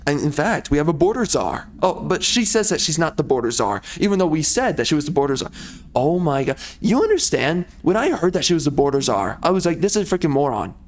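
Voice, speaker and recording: A man talks over his gameplay in a loose, rambling way that often turns into sarcastic rants. His voice sits a bit higher than most men's. Faint noise hums underneath. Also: big pitch swings, brisk. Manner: rambling, ranting, sarcastic asides. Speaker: gamer playing through a video game. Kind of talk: casual gameplay commentary.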